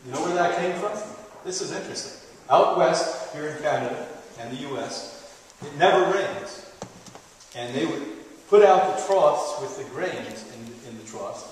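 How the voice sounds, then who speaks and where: A playful middle-aged man tells stories and jokes through a live health lecture, his voice sitting a little high. He is recorded from a distance in a large hall, so the sound rings with long reverb and a faint background hiss. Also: lively intonation, moderate pace. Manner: joking, playful storyteller. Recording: echoey hall, taped from afar.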